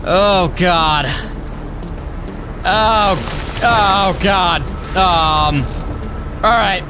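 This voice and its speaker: Excitable man rambling over game music. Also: high voice, drawn-out words. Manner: rambling, excitable, talks to viewers. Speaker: gaming YouTuber. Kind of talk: let's play commentary.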